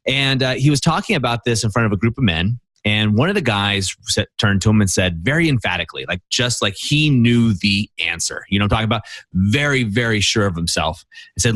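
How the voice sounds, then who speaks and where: Man, podcast host, low voice, dry close sound, emphatic storyteller. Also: expressive, fairly quick, fairly bright tone, no echo. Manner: emphatic storytelling, frequent "you know" and "right?". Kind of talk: conversational coaching talk.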